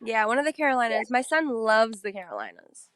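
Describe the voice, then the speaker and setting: A woman's voice: on the high side, expressive, brisk, fairly bright tone, no echo. A woman from upstate New York, chatting casually on a live video call in a giggly, breezy way. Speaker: guest on a live chat.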